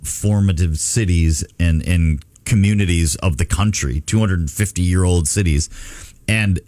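A man's voice: low-pitched, a little slow, a little mellow, no room sound. A man co-hosting a morning radio show, telling stories in casual banter and laughing at his own points.

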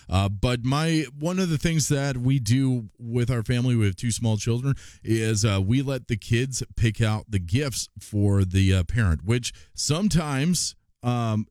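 A man's voice: lowish voice, darkish tone, no room sound, studio quality. A man in his thirties hosting a radio show, telling a family story in a chatty, self-deprecating way with many fillers. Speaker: radio host. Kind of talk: casual on-air storytelling.

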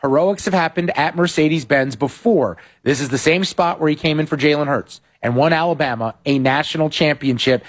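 A man's voice: a little high, brisk, hardly any pauses. A man hosting a sports betting podcast, recapping football games and sharply criticizing coaching decisions. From West Coast of the United States. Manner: animated, opinionated, critical of coaching.

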